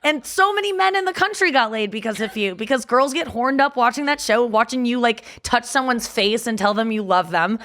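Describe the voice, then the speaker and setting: A woman's voice: a little high, a little fast, hardly any pauses. A woman comedian, a guest on a podcast, telling frank, bawdy stories in casual chat and acting out the quotes. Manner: frank, bawdy, animated storyteller who acts out quotes.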